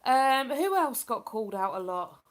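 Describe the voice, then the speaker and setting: On a live stream, a woman with a fairly high, sing-song voice talks at a normal pace. She rambles and laughs while reading her viewers' chat messages aloud.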